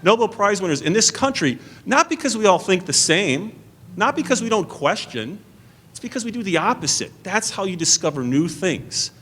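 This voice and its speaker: Brief: middle-aged male debater, earnest, slightly higher voice, restarts often. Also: very animated, moderate pace, a bit bright. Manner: earnest, repeats and restarts under pressure. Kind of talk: debate answer. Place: theatre stage at a podium.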